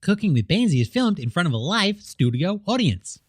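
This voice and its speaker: A man doing a booming Aussie TV announcer. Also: very animated, loud music behind the voice. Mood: hyped. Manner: drawn-out, shouted, rising announcer delivery. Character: booming male TV game-show announcer.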